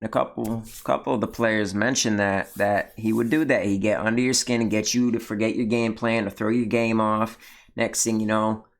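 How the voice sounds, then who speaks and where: A man's voice: on the low side, moderate pace. A man hosting a reaction video, talking casually and bluntly with some swearing. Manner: relaxed, blunt, swears freely. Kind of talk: casual commentary.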